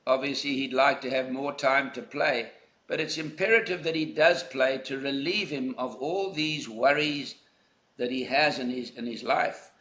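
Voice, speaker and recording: A man's voice: medium pitch, moderate pace, pushed and bright, reverberant. An older man from South Africa, a golf legend being interviewed, telling anecdotes in a reflective, emphatic way. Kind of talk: conversational interview.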